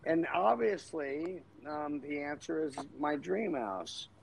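A man guests on a podcast, cracking crude jokes and laughing between lines. His voice is pitched fairly high and gravelly, with a faint room hum behind him. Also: expressive, slow pace, poor audio. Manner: crude joking, laughs often. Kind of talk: casual chat.

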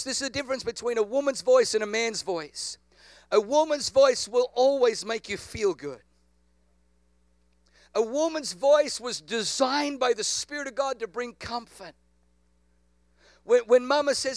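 Male pastor, high gravelly voice, dry close sound, preaches with call-and-response. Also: normal speed, no echo. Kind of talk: sermon.

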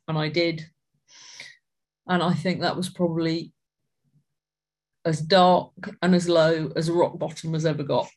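At a support meeting, an adult tells their personal recovery story in an earnest, reflective manner, halting and restarting as they go. Their voice sits in the mid-range.

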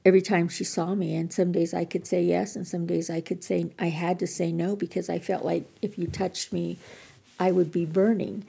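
Older woman guest, heavy vocal fry, low voice, candid self-deprecating storyteller. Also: warm tone, a little hiss or hum. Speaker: podcast guest. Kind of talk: personal recovery story.

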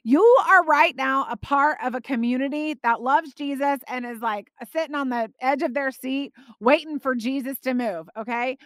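A woman hosting a faith podcast, talking in an earnest, animated and encouraging way. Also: sits high, moderate pace, few pauses, no echo. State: out of breath. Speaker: podcast host.

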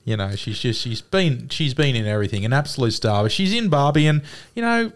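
A man's voice: medium pitch, animated, a little fast. A middle-aged Australian man co-hosting a podcast, with laid-back, jokey banter and plenty of "mate". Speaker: podcast co-host. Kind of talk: casual banter.

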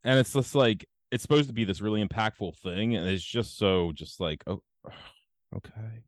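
A man's voice: lowish voice, lively intonation, brisk, dry recording, studio quality. A man hosting a podcast in casual chat, rambling and profane with many fillers. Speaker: podcast host.

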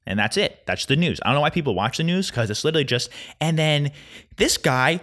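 A young man hosting a solo podcast, rambling through a casual rant at a quick, anxious clip. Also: mid-range voice, sing-song, fairly bright tone. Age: young adult. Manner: fast, rambling, anxious storytelling. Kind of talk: casual ranting monologue. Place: Chicago.

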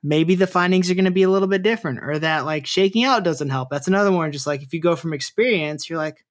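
A man co-hosting a podcast, talking in an animated, rambling way full of "like" and "you know". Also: a little high, quick pace. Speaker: podcast co-host. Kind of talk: casual podcast discussion.

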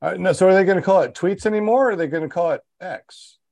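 A man's voice: high-pitched, fast, creaky, darkish tone, no echo. A man hosting a podcast, chatting casually with guests in a joking, rambling way with many restarts. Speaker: podcast host. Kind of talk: casual group chat.

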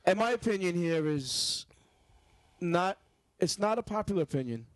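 A young man with a New York accent, telling stories in a loose, rambling, profane way. His voice is a bit high for a man. The sound is dry, with no room echo at all. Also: lively intonation, moderate pace. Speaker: podcast co-host. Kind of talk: casual chat.

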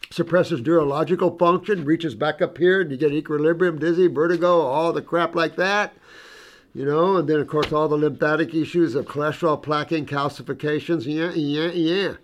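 Man, natural health practitioner, casual talk, slightly high voice, enthusiastic, rambling, affectionate asides. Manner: affectionate, calling viewers sweetie and honey; acts out dialogue in anecdotes. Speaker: natural health practitioner reviewing client cases. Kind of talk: casual talk to an online audience.

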